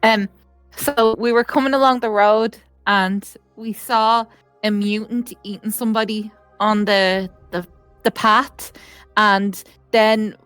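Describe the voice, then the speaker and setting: A woman's voice: medium pitch, steady tone, takes it slowly, fairly bright tone, clean tone, dry recording, faint music behind. A woman playing a tabletop game who tells an event in character with a rambling, hesitant delivery. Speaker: player.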